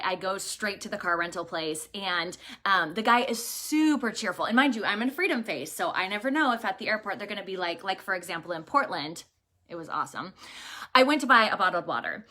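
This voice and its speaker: A woman's voice: mid-range voice, sharp tone. A woman hosting a livestream, chatting casually and animatedly with viewers, telling travel stories full of rhetorical questions and fillers. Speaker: livestream host.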